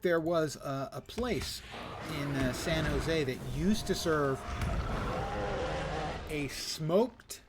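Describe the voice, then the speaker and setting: An older man streaming a game, chatting casually and rambling with frequent filler pauses. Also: a little high, background noise. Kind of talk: casual gaming commentary.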